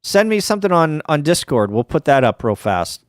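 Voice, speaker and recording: A man's voice: on the high side, big pitch swings, normal speed, no room sound, studio quality. A middle-aged man hosting a casual livestream, tired and rambling, with lots of ums, restarts and wry asides. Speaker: ham radio livestream host.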